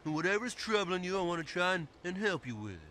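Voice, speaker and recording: A man voicing a mild, slow-witted school counselor in a cartoon, calm and hesitant. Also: high-pitched, a little hiss or hum, heavily acted. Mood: patient. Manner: calm, hesitant, a little confused. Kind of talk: TV cartoon acting.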